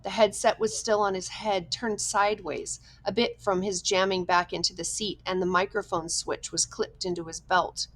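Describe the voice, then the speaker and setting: A woman reading a novel aloud as an audiobook, with measured, tense storytelling. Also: mid-range voice, level tone, poor audio. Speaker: audiobook reader. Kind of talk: scripted narration.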